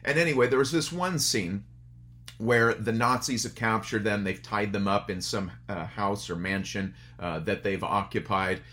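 Low-voiced man preaching a sermon. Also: normal speed, sharp tone. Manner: conversational storytelling preacher. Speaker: pastor. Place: church service streamed online.

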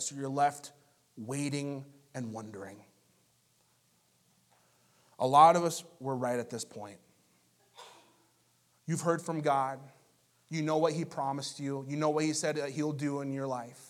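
A man in his thirties preaching a sermon as a pastor, telling stories in a lively, conversational way with asides to the congregation. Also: fairly high pitch.

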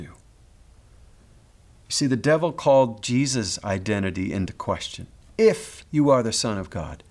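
An earnest male pastor delivers a sermon in a voice of middling pitch. He speaks in a pastoral way and sometimes doubles back on a word while building toward his point.

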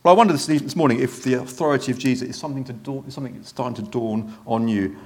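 A man's voice: mid-range voice, quick pace, a little mellow. A man preaching a sermon in a conversational way, often tagging points with rhetorical questions.

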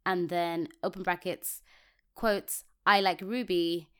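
A woman's voice: on the low side, steady tone, takes it slowly, clear, resonant tone. A woman co-hosting a casual technical podcast, reading code aloud step by step and laughing easily. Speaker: podcast co-host.

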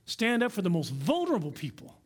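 A man delivers an earnest sermon from a church pulpit, his voice sitting noticeably high for a man. He exhorts his listeners with conviction, pressing each point home as a pastor speaking to his congregation. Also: huge pitch swings, a little fast, slightly rough. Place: church sanctuary.

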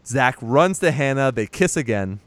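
A man's voice: medium pitch, lively intonation, moderate pace, no echo. A man in casual chat, recapping a movie as a podcast host, chatty and teasing, swearing now and then.

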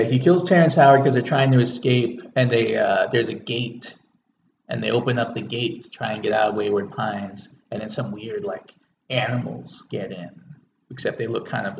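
A man with a lowish, creaky voice co-hosts a casual movie podcast, recapping plots in a laid-back, dry way with plenty of fillers. The lo-fi room mic sounds echoey and distant, with faint hiss.

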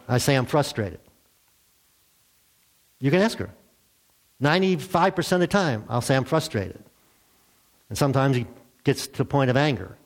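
Casting: older male pastor at mid pitch, relaxed and self-deprecating, talking straight to the congregation. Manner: conversational, self-deprecating, addresses the congregation directly. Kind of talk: sermon. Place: church.

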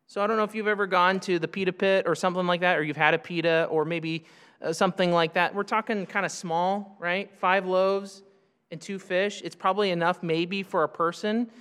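A man's voice: high-pitched, steady tone, brisk, fairly bright tone, clear, resonant tone, in a large hall. A man preaching a verse-by-verse sermon in a conversational way, asking rhetorical questions and then answering them. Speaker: pastor. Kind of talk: expository sermon.

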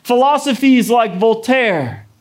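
A man in his thirties preaches with an easygoing, anecdotal manner, dropping wry asides between points. His voice sits noticeably high for a man. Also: lively intonation, takes it slowly. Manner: conversational storytelling with playful asides. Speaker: pastor. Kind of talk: sermon.

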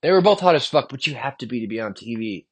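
Young male solo podcaster, husky, animated pitch, meandering and profane. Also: fast. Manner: meandering, profane, trails off quietly. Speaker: podcast host. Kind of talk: rambling solo monologue.

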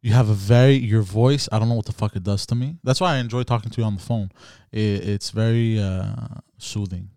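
A man's voice: on the low side, fairly even intonation, a little fast, few pauses, dark tone, no echo, studio quality. A man hosting a podcast, chatting casually in a teasing, stammering way and swearing freely. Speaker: podcast host. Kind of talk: casual chat.

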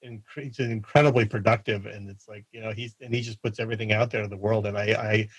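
A man's voice: fairly low pitch, steady tone, slightly rough, no echo, rough recording. A man talking as a podcast guest in a friendly, casual way, often restarting his sentences. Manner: friendly, halting with many restarts. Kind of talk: casual interview chat.

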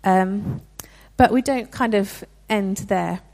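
A woman's voice: medium pitch, slow pace, creaky, darkish tone. A young woman giving a sermon in a conversational, earnest way, with frequent restarts. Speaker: preacher.

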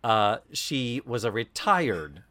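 Man, podcast co-host, casual chat, swooping lively pitch, swears freely. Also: takes it slowly. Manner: animated, profane storytelling.

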